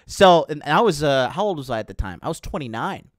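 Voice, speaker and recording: A man's voice: fairly high pitch, big pitch swings, fast talker, dry recording, studio quality. A man hosting a dating show, talking casually and crudely to his live chat viewers, rambling and swearing as he tells stories. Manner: crude, profane, rambling storytelling. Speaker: dating coach host.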